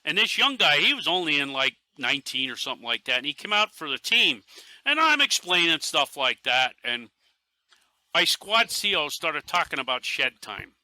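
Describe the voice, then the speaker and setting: A middle-aged man from Northeastern Pennsylvania, a podcast guest who tells stories in a casual, animated way and acts out quotes. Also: fairly high pitch, normal speed, no echo. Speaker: podcast guest, airsoft team leader.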